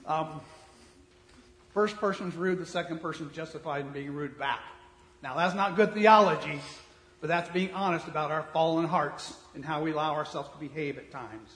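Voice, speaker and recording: A male pastor giving a sermon in a blunt, conversational manner, shifting between soft asides and loud emphasis. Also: a little high, normal speed. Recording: reverberant hall.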